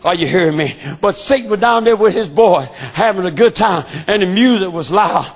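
A man preaching a sermon with emphatic call-and-response, often shouting and then dropping low. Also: lively intonation, a little fast, hardly any pauses, slightly rough, soft background music.

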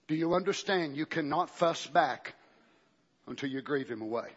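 A male pastor preaching a fervent sermon in a church, swinging between shouting and hushed talk. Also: on the high side, moderate pace, slightly rough. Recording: dull recording with long hall reverb.

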